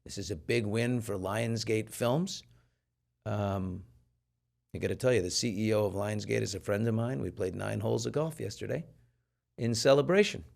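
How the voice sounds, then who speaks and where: Animated male talk show host. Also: lowish voice, moderate pace, gravelly. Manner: animated storyteller who acts out quoted people. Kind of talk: casual chat.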